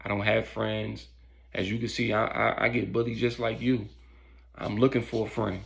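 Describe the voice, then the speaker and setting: A man voicing a lonely, bullied schoolboy looking for a friend, speaking softly and hesitantly. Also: fairly low pitch, little pitch movement, moderate pace, creaky.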